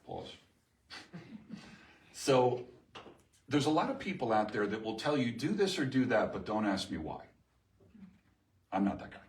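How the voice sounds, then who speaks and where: A middle-aged man presents a live seminar to an audience in a meeting room, lively and emphatic, often asking the room questions. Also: medium pitch, unhurried, long pauses, a little hiss or hum. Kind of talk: live workshop talk to an audience. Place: chamber of commerce meeting room. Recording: echoey room from far off.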